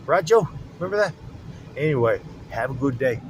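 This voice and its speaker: A man's voice: medium pitch, lively intonation, brisk, background noise. A man, rambling and agitated as he talks to the camera from his car, repeating himself. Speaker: vlogger. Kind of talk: rambling monologue while driving. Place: in a car on city streets.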